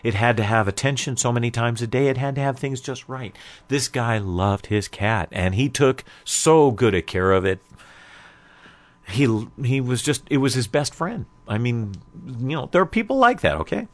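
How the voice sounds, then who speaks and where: A man's voice: mid-range voice, lively intonation, moderate pace, no echo. A man telling a long joke in a conversational, rambling way, full of fillers. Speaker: storyteller. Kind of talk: casual spoken joke-telling.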